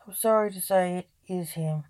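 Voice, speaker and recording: A woman's voice: on the low side, normal speed, a little mellow, natural voice. A woman voicing a solemn male Timekeeper, a cryptic uncle who speaks in somber warnings, in a gothic audio story.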